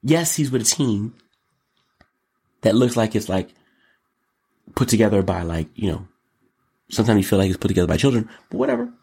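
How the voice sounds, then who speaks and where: A man hosting his own show, talking solo in an animated, exclamatory way, riffing and repeating words in long runs. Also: on the low side, normal speed, long pauses, husky. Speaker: show host. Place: Los Angeles.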